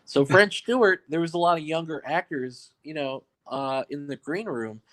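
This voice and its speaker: A man's voice: a little high, moderate pace, fairly bright tone. A man from New York, a filmmaker, telling loose, joking stories in an interview and laughing at his own punchlines. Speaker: guest filmmaker. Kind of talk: casual interview storytelling.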